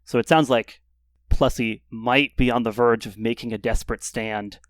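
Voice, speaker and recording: A man's voice: mid-range voice, fairly even intonation, no echo. Man narrating a game scene, dry sound. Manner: descriptive, measured scene-setting. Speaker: game designer running the game.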